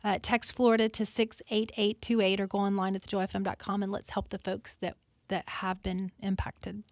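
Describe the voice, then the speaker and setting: A woman's voice: mid-range voice, level tone, a little fast, no echo. A woman hosting a live radio fundraiser from a studio, talking earnestly and repeating words for emphasis. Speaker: radio host.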